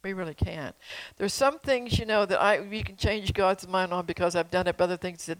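A woman's voice: fairly low pitch, brisk, no echo, rough recording. An older woman preaching in a folksy, emphatic way, repeating phrases and asking her listeners questions. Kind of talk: sermon with prophecy.

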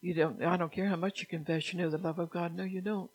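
A middle-aged woman delivers a fervent sermon, scolding her listeners and pushing into loud, emphatic bursts. Her pitch stays narrow and flat even as the volume climbs. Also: fast, slightly rough. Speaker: preacher.

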